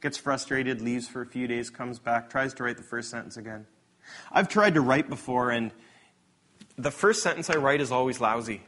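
A man preaching a sermon, reading scripture aloud and moving between loud, emphatic passages and quiet asides. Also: mid-range voice, normal speed.

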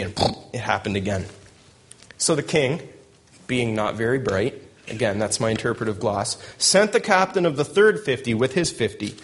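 A man's voice: mid-range voice, lively intonation, normal speed. A man preaching a sermon who reads scripture aloud and breaks in with joking asides and chuckles. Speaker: pastor. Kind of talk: sermon with Bible reading.

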